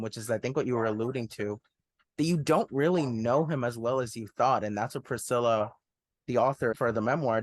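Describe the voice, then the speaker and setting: A man's voice: mid-range voice, dry recording. Casting note: a young male podcast host. He reviews a film in an upbeat, chatty way, with a dry, close sound. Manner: enthusiastic, laughs while talking, says "one hundred percent". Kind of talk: casual movie review chat.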